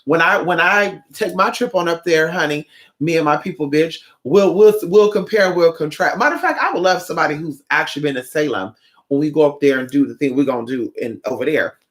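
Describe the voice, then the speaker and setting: Welcoming viewers in a casual livestream, this Northern California streamer and spiritual shop-goer tells stories with sass and profanity, animatedly acting out quotes. The voice has medium pitch and runs a little fast.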